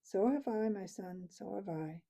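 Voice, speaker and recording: A woman reading the part of a dying old male abbot mouse, speaking slowly and tenderly. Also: medium pitch, vocal fry, mellow. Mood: gentle, fatherly. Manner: slow, tender, fatherly.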